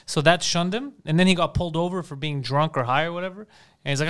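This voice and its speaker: High, smooth-voiced man riffing casually. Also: fast, fairly bright tone. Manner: rambling, profane, laughs often. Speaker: podcast co-host. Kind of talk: casual comedic chat.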